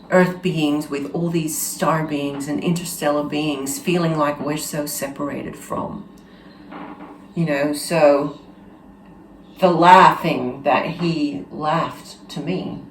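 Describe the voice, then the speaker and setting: A woman host telling a personal story in an earnest, halting way, with many restarts and fillers. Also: low-pitched, a little hiss or hum. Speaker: channel host. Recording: roomy echo with faint ambience.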